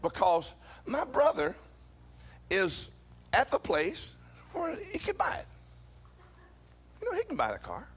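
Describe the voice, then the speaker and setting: A pastor telling a funny story during a church sermon, animated and often chuckling as he talks. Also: high voice, a little slow, long pauses, husky.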